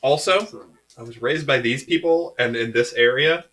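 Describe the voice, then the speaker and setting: A man's voice: medium pitch, normal speed, fairly bright tone. A man raised in the Atlanta suburbs, joking and arguing as a player in casual tabletop game banter.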